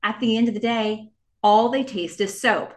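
A woman voicing a blunt, exasperated older woman writing in, reading her letter dramatically and bursting into loud shouts. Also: a little high, fairly even intonation, normal speed, lightly acted. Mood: indignant.

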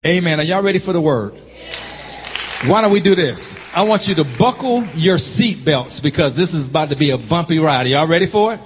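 A man preaching a sermon as pastor, calling out to the congregation and rising into shouts. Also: a little high, expressive, brisk, faint music behind. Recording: muffled sound with long hall reverb.

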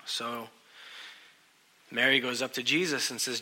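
A man preaching a sermon in a lively, joking way, often asking his listeners questions. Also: mid-range voice, unhurried, pauses often, slightly rough. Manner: animated, joking, asks the crowd questions. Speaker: pastor.

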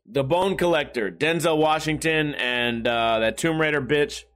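Hoarse, grumbling man podcaster. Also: fairly high pitch, unhurried, a bit bright. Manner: profane, grumbling, self-deprecating. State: hoarse, voice failing. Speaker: podcast host. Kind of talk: casual solo podcast rant.

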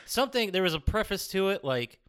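A man's voice: high-pitched, sing-song, a little fast, a crowd in the background. Guy hosting a podcast, chatty and laughing between segments. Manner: laughs often, runs the segments. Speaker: podcast host. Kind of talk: casual podcast chat.

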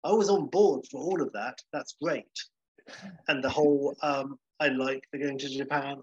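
A man's voice: medium pitch, fairly even intonation, normal speed, a little mellow, husky. A man co-hosting a podcast, chatting casually and with enthusiasm, full of fillers. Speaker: podcast co-host. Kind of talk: casual chat. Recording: muffled lo-fi audio.

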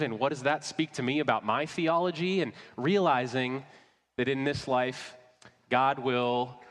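A man in his thirties preaching a sermon as pastor, telling stories with a light, self-mocking humor. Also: a little high. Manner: warm storytelling with self-deprecating humor. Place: church sanctuary. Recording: long reverb of a large hall.

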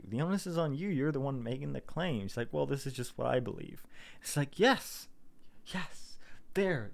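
A man's voice: medium pitch, vocal fry. A young man in a casual, rambling monologue, sarcastic and profane, full of fillers and self-interrupting asides.

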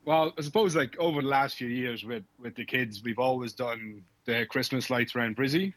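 A man's voice: mid-range voice, normal speed, fairly bright tone. A man from Ireland with an Irish accent, a guest on a casual podcast, joking in a dry, self-deprecating way.

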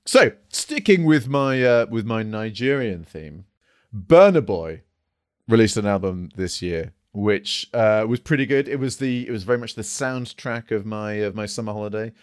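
Easygoing male co-host, lowish pitch, loose chatty delivery. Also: lively intonation, moderate pace, clean tone, no room sound, clean studio sound. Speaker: podcast co-host. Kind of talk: casual podcast chat.

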